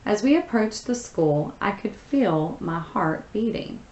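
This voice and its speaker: A woman's voice: medium pitch, lively intonation, measured pace, a little mellow, roomy sound, highs cut off. A woman teacher who reads a short story aloud, then patiently explains the answers step by step, with many fillers.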